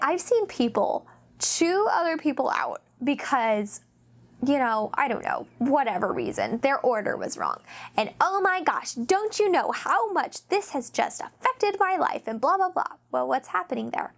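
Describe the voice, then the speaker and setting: A woman hosting her own faith-based talk, her voice sitting a little high. She rambles through stories with plenty of fillers and brings them to life by acting out the people she quotes. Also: creaky. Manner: chatty, rambling storytelling with many fillers; animated, acts out quoted voices. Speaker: mom vlogger, host.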